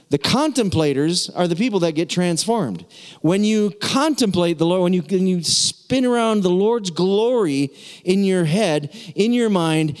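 A man preaches to a congregation with a slightly high voice, repeating phrases and drawing out key words. His delivery is lively and conversational. Long reverb from a church hall trails his words. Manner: lively, repetitive preaching, drawn-out emphasis. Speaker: pastor. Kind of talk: sermon.

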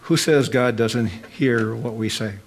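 A man preaching a sermon, building to loud, emphatic declarations. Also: medium pitch, slow. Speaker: pastor.

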